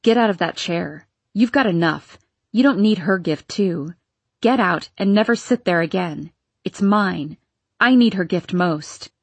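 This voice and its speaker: A woman's voice: lowish voice, expressive, unhurried, husky, dry recording, exaggerated voice. A woman voicing a jealous, scornful teenage girl who talks in a sneering, bitter way. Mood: commanding.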